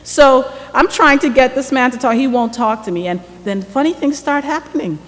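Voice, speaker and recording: A woman giving a lecture about her reporting days. She tells it as a lively story and acts out the dialogue. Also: high-pitched, normal speed. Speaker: guest lecturer, former newspaper reporter. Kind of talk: first-person storytelling lecture. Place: lecture hall. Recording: echoey hall with faint background noise.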